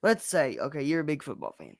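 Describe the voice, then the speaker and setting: A man's voice: on the high side, wildly swooping pitch, fairly quick, creaky, dry recording, clean studio sound. A young man hosting a wrestling review show, speaking frankly and with blunt emphasis as he vents and shares opinions. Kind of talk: casual chat.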